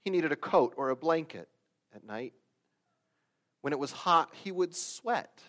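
A man preaching a sermon, swinging from loud emphatic peaks to quiet asides and acting out the stories he tells. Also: on the high side, animated, unhurried. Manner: acts out quoted voices and stories. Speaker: pastor.

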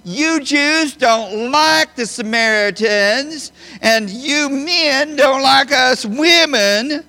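A man's voice: extremely high pitch, extremely slow, sharp tone, voice pushed up, heavily acted. A man preaching, voicing an adult Samaritan woman as sarcastic and indignant, drawn out and mocking.

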